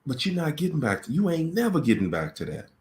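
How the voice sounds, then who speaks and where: Animated man hosting a live talk. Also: a little high, quick pace. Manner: dramatic, repeats phrases for emphasis; acts out voices in quoted dialogue. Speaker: host of a live Q&A stream. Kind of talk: livestream talk on relationships.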